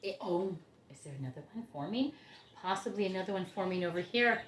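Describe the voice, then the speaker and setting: A woman's voice: medium pitch, expressive, a little fast, roomy sound, a little hiss or hum. A woman from Ohio, chatting casually as she unboxes plants, gushing, laughing often and gasping with delight. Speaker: orchid grower and vlogger.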